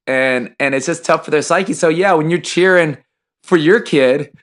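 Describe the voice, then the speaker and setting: A man in his thirties, a podcast host and high school football coach, chatting casually and acting out dialogue as he tells stories. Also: moderate pace. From Texas. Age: 30s. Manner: storytelling, acts out dialogue, laughs while telling.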